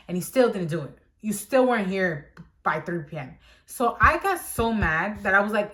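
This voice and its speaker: A woman's voice: medium pitch, lively intonation, moderate pace, a bit bright. Young woman, story-time vlogger; chatty, exasperated, acts out quoted dialogue. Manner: exasperated, with frequent "like" fillers.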